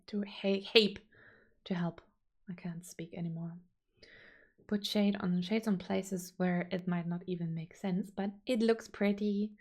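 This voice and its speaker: A woman's voice: on the low side, dark tone. Gushing young woman streamer chatting. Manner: chatty and gushing, reading chat aloud. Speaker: art streamer. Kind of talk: casual stream chat while drawing.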